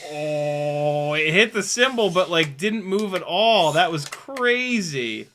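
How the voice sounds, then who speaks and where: Lively man muttering while flying. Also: a little high, slight background noise. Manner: talks to himself, quick exclamations and swearing. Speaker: drone pilot vlogger. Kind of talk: casual commentary while flying.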